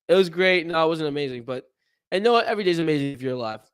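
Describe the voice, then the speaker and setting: Young dude on a sports stream, kinda high voice, rambly, keeps yawning, home mic. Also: male voice, animated, racing, clear, resonant tone. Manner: chatty, rambling, yawning often. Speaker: podcast co-host. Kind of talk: casual livestream chat.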